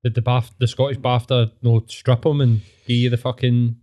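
A man co-hosting a podcast with a dark, mellow voice. His pitch sits in the middle for a man. He teases and swears his way through easy banter. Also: level tone, moderate pace. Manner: teasing, sweary, laughs often. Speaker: podcast co-host. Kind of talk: casual chat.

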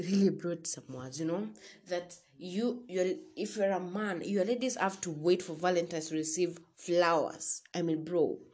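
A woman's voice: on the low side, darkish tone, husky. A young Kenyan woman giving a casual motivational talk to her listeners, preaching and calling them sis. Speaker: vlogger.

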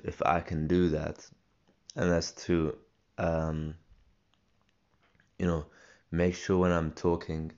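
Deep gravelly young man rambling solo. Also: darkish tone, lo-fi sound. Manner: rambling, halting, many restarts and fillers. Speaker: podcast host. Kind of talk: solo casual podcast monologue.

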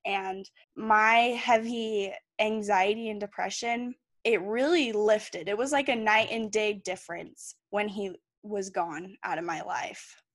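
A woman's voice: mid-range voice, steady tone, unhurried, few pauses, a bit bright, dry recording. A young woman, a podcast guest, earnestly recounting a personal story in candid, plain words.

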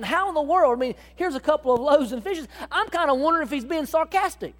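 A woman preaching a sermon, acting out Bible dialogue and calling out to the congregation in an animated way. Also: high-pitched, brisk. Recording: long hall reverb.

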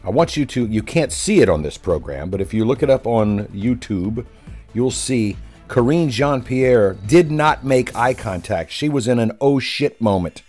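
A man's voice: medium pitch, animated, moderate pace, darkish tone, soft background music. Sarcastic man hosting commentary. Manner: sarcastic, derisive, emphatic. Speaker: commentary show host. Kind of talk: mocking political commentary.

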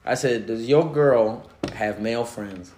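A man co-hosting a casual chat, telling animated stories with acted-out quotes and frequent laughs. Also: medium pitch, unhurried, a little hiss or hum. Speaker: podcast co-host. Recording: echoey room.

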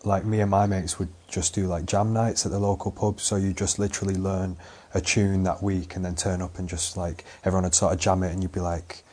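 A man's voice: deep voice, level tone, brisk, darkish tone. An English man hosting a casual chat, rambling and chatty with lots of fillers and casual swearing. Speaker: podcast host.

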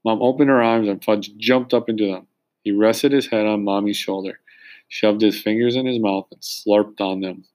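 A man narrating a children's book in the first person, with steady, dry storytelling. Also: fairly low pitch, normal speed. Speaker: audiobook narrator.

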